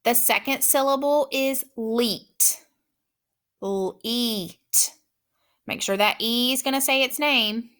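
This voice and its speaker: A woman teaching a phonics lesson, patiently sounding out words slowly and clearly. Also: high voice, fairly even intonation, pushed and bright. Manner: patient, encouraging.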